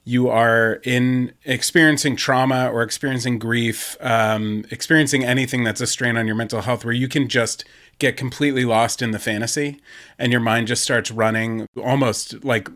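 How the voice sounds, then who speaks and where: A man's voice: medium pitch, fairly even intonation, moderate pace, a bit bright. A man co-hosting a podcast who reflects thoughtfully on a story he has just heard. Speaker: podcast co-host. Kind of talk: casual chat.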